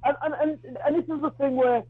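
A man calling in to a talk radio show, speaking in a halting way with frequent restarts and repeated words while bluntly arguing his view. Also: very high-pitched, steady tone, no room sound. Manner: outspoken, argues his view. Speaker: radio call-in caller. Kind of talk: phone-in talk radio call. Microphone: telephone. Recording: tinny phone line.

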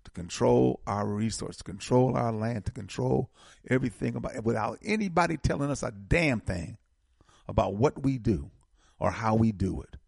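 Man, gravelly husky voice, dry close sound, impassioned political talk. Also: mid-range voice, moderate pace, a little mellow, dry recording. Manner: impassioned, repeats words when fired up.

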